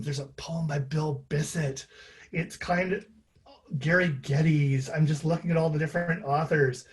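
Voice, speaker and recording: A chatty man speaking casually to a live audience, with self-deprecating asides and frequent fillers. His voice is husky and sits a little high for a man. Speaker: author and playwright.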